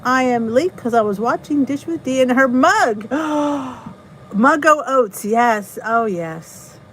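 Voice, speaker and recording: A woman's voice: high voice, lively intonation, slow, fairly bright tone, a little hiss or hum, rough recording. A middle-aged woman with a New Jersey accent, hosting a casual live stream, chatting, greeting viewers and laughing at herself. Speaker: channel host reading live chat.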